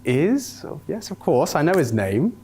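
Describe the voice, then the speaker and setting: A man's voice: a little high, sing-song, unhurried, a little mellow, a little hiss or hum. A man hosting an esports comedy sketch, flustered and stammering as he talks. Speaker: esports broadcast host.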